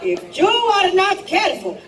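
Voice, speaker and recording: Woman playing a high-voiced flirty bachelorette, coy pauses, corny punchlines, distant echoey street, noisy crowd. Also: huge pitch swings, full character voice. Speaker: bachelorette contestant in a game skit. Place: outdoor theme park street show. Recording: distant echoey outdoor live recording with crowd noise.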